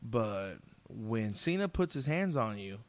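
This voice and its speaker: A man's voice: fairly low pitch, big pitch swings, slow pace. A man co-hosting a podcast who insists on his point and repeats it in casual chat. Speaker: podcast co-host.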